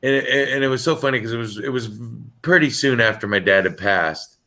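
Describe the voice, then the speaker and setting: A man on a video call telling a personal story in a halting, casual way, often repeating words as he starts. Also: mid-range voice, bright, forceful tone. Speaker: caller sharing a story.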